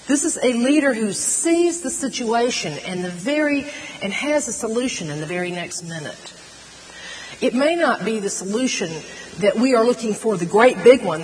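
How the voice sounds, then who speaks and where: A middle-aged woman preaching a sermon, earnest and animated, stretching out words for emphasis. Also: mid-range voice. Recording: long hall reverb, faint noise.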